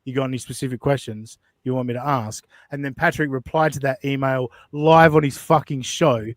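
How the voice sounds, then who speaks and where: A man's voice: mid-range voice, fairly even intonation, brisk, dry recording. A man hosting a casual commentary podcast, blunt and profane as he talks. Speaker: podcast host.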